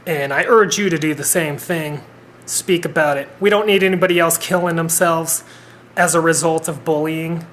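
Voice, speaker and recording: 30-something vlogger rambling earnestly to the cam, mid-pitched voice, blunt swearing. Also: fairly even intonation, moderate pace, fairly bright tone, slight background noise. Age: 30s. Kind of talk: personal vlog monologue.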